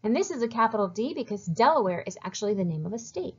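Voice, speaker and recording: A woman teaching a phonics lesson to children, slowly modeling each sound and encouraging them to read along. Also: on the high side, sing-song, husky, lo-fi sound.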